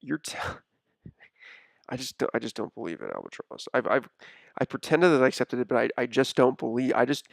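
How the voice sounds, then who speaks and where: A man's voice: mid-range voice, very animated, fairly quick, vocal fry, no echo, clean studio sound. A man streaming from a room at home, talking in a rambling, stammering, mock-indignant way. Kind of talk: casual comedic stream chat.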